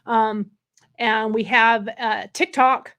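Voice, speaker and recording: A chatty woman with a drawl talks casually to her livestream viewers from a hotel room. Her voice sits a little high, and she rambles on in a wired, excited way. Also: takes it slowly, muffled recording. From California. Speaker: livestream host.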